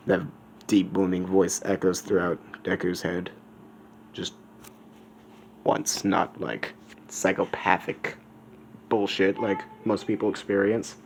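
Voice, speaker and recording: Slow, low-voiced storyteller man. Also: level tone, creaky, slight background noise. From United States. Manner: rambling, self-correcting asides. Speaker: fan fiction storyteller. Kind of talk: casual storytelling.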